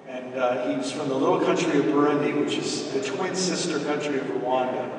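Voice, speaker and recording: A man's voice: on the high side, a little fast, few pauses. A middle-aged man giving an earnest, preaching-style talk to a church audience, telling stories and calling them brothers and sisters. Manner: earnest, storytelling, addresses listeners as brothers and sisters. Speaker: speaker at a church event. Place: large dinner hall. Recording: echoey hall from far off, with noise.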